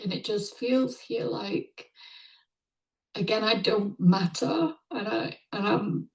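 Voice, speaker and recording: A woman in a therapy-style session, speaking tentatively and haltingly as she searches for words. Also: medium pitch, vocal fry, rough recording. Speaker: client in a session.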